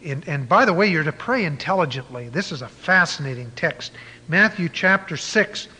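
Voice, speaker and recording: A man's voice: on the high side, lively intonation, normal speed, bright, forceful tone, slightly rough, in a large hall. A man preaching a sermon in an emphatic way, at times spelling words out letter by letter.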